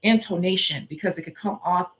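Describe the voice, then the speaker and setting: Woman, Chicago accent, casual livestream host, blunt and forceful, chatty. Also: lowish voice, brisk. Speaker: nail tech livestream host. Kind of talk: casual livestream chat with viewers. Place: indoors at home.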